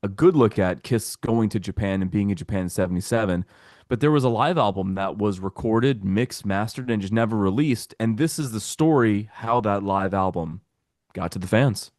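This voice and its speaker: A man's voice: fairly low pitch, moderate pace, a little mellow, no echo. A man who is a guest on a show, explaining things in detail with the odd dry joke. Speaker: documentary maker guest. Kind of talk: casual interview talk.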